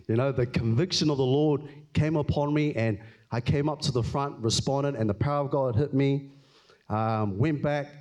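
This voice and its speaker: A man's voice: mid-range voice, darkish tone. Earnest man giving a church testimony. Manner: earnest, emotional, often halting and repeating words. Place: church hall.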